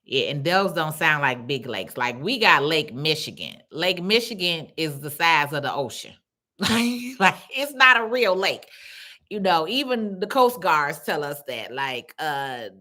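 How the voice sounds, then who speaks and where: Chatty woman, low bright voice. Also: unhurried, few pauses. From Chicago. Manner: chatty, animated, reads comments aloud. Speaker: livestream host. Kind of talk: casual chat reading viewer comments.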